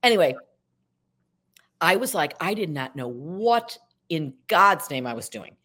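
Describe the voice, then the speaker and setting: A woman in her sixties from upstate New York, a guest actress telling stories in a chatty, animated way on a podcast. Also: sits low, unhurried. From Syracuse, New York. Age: 60s. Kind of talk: casual podcast chat.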